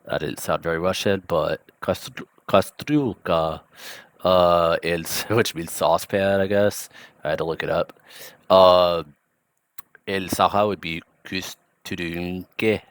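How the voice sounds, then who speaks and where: A man giving a relaxed vocabulary and grammar lesson, thinking aloud with frequent ums and asides. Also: low-pitched, unhurried, clean tone, no echo, clean studio sound. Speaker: language teacher.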